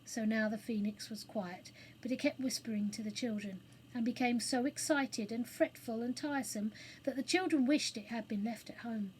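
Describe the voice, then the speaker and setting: A woman reading a children's book aloud as storyteller, in a clear, expressive manner. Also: a little high, normal speed, slight background noise, rough recording.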